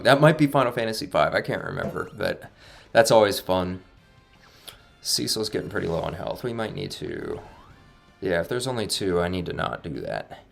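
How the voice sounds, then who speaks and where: A man casually commentating his own playthrough of a video game, relaxed and somewhat monotone. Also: lowish voice, creaky. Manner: relaxed, laid-back, self-described monotone. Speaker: gaming channel host. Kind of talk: casual let's-play commentary. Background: faint game music.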